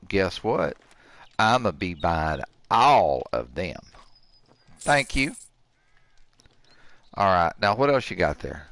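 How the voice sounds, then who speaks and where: Fairly low in pitch and fairly bright, with no echo, the voice belongs to a sixty-something man running a gaming channel. He jokes his way through a let's-play, mocking the characters as he goes.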